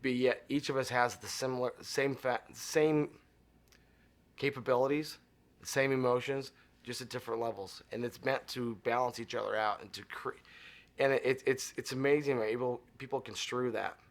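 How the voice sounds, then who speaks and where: A man's voice: medium pitch, moderate pace. Middle-aged male interview guest, chatty storyteller, mid-range voice, does voices for the people in his stories. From Arizona. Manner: animated storyteller acting out dialogue.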